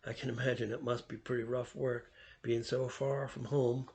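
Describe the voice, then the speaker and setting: A man's voice: medium pitch, little pitch movement, normal speed, creaky, a little mellow, close to an everyday voice. A man voicing a gracious, curious middle-aged mother in a read-aloud storybook.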